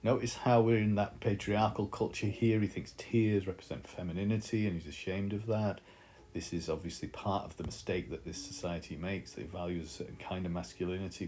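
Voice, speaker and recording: A man's voice: sits low, fairly even intonation, fairly quick, a little mellow, slight background noise. A man teaching a literature lesson, explaining in a thoughtful way with frequent fillers.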